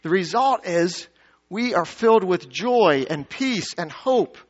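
High-voiced male pastor preaching. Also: animated, takes it slowly. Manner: dynamic preaching, rising to emphatic peaks then dropping low; addresses the congregation with questions and asides. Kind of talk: sermon. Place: church sanctuary. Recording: dull lo-fi sound.

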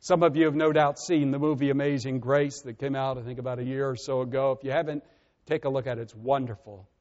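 A man preaching a sermon as pastor, earnest and measured, often letting his voice sink softly at the ends of phrases. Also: mid-range voice, steady tone. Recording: muffled with long reverb.

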